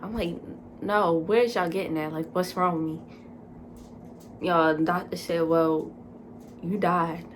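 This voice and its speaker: A young woman vlogger telling a casual storytime, animated and dramatic, full of fillers. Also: on the low side, unhurried, pauses often, a little hiss or hum.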